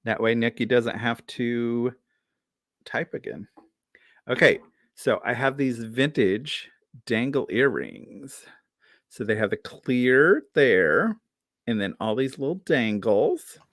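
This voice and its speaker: A man's voice: mid-range voice, lively intonation, unhurried, a bit bright, no room sound, studio quality. A man hosting a live online sale, chatting casually about vintage items in a tired morning voice.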